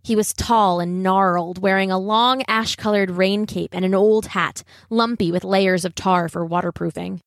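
A woman's voice: medium pitch, dry recording. Woman narrating a storybook, dry and close. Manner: measured, gently expressive reading. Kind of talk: audiobook narration.

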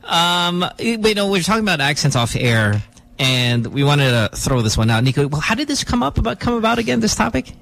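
A man's voice: a little high, sing-song, fairly quick, creaky, fairly bright tone. A man hosting a morning radio show, joking and slipping into Tagalog. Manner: joking, code-switching into Tagalog.

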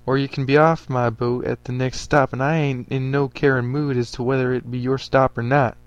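A man's voice: medium pitch, flat delivery, moderate pace, no echo, highs cut off, close to an everyday voice. A man voicing a contemptuous male starship captain who slips into a folksy frontier drawl. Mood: threatening drawl.

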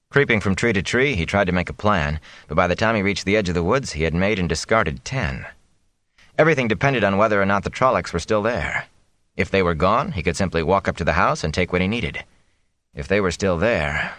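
A man narrates a novel aloud in a steady, measured way. His voice is very deep, and the recording is dry and close. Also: no room sound. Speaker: audiobook reader. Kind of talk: audiobook narration.

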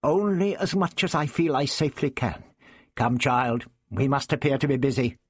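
A man's voice: medium pitch, normal speed, slightly rough, no room sound, natural voice. A man voicing a testy, imperious old man who snaps back irritably. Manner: snappish and irritable.

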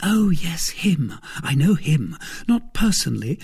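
A man voicing an anxious, earnest young woman who questions eagerly in a raised, breathy tone. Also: a little high, very animated, unhurried, darkish tone, pitched above the performer's own voice, exaggerated voice. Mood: pleading.

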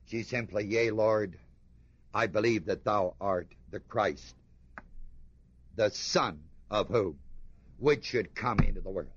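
A man preaching a sermon, reading scripture aloud and commenting on it with emphatic rhetorical questions, dropping to a hush and then rising with fervor. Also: on the low side, slow pace, pauses often, slightly rough, highs cut off. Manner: emphatic, rhetorical questions to the congregation, swings between hushed and fervent.

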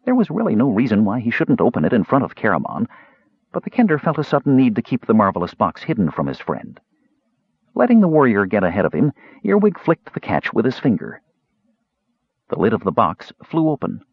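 A man narrating a fantasy audiobook in an expressive storytelling manner, in a dull, dry recording. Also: medium pitch, fairly quick, husky, no echo.

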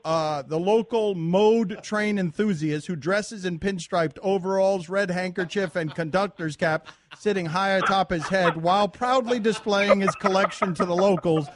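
A man's voice: sits high, background noise. A man hosting a sports radio show, bantering playfully and teasing his guest. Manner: playful, quick teasing delivery.

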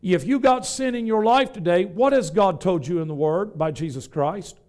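Before his congregation, a Pentecostal bishop preaches a sermon in a high, smooth, ringing voice with a darkish tone and moderate pace, speaking in a rhythmic, folksy style and repeatedly calling questions out to the room. The sound is clear and resonant, and he comes across as a man at home in the pulpit.

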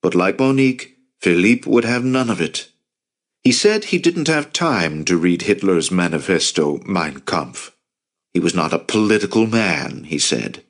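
A man narrating a novel as an audiobook in a steady storytelling manner. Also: low voice, unhurried. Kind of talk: scripted narration.

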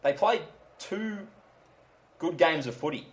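A man's voice: on the high side, animated, slow. A man hosting a casual sports podcast, chatty and jokey. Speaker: podcast host.

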